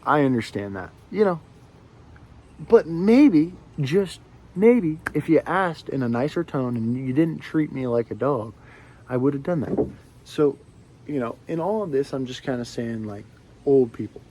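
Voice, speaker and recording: A man's voice: mid-range voice, normal speed, darkish tone. A young man in his twenties, ranting to camera in a rambling way with lots of fillers and restarts. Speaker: vlogger. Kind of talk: ranting monologue.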